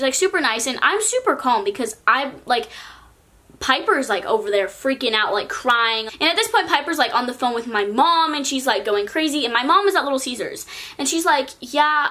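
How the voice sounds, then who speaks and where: A teenage girl from California tells a story to her vlog camera, casual and chatty. Her voice is bright and sits a little high, and she leans on "like" in nearly every sentence. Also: animated, fairly quick. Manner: chatty, peppers speech with "like". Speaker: vlogger.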